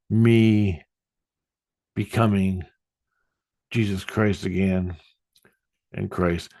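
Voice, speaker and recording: A man's voice: sits low, darkish tone, no room sound. A middle-aged man telling a rambling, profane personal story about spiritual experiences. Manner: profane, meandering, blunt. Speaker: spiritual vlogger.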